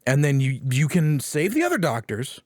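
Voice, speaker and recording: A man's voice: on the high side, moderate pace, dry recording, clean studio sound. A young man on a podcast, casually recapping a story, swearing and acting out other people's lines. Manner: animated, profane storytelling recap; acts out quotes in put-on voices. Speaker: podcast co-host.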